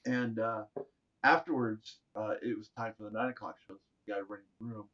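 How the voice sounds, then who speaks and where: A middle-aged man, a podcast guest, telling animated stories in a jokey way and acting out the voices of people he quotes. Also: lowish voice, fairly quick. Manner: jokey, acts out quoted voices, laughs often. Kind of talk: animated storytelling. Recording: slightly dull lo-fi audio.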